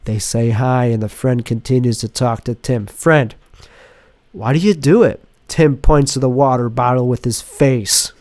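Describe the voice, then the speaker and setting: A man's voice: medium pitch, fairly even intonation, moderate pace, hardly any pauses, a little mellow, no room sound. A man who is sick and sniffly, hosting a casual podcast monologue from his apartment and reading a script aloud in a rambling, sardonic way that keeps interrupting itself. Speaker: podcast host. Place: home apartment.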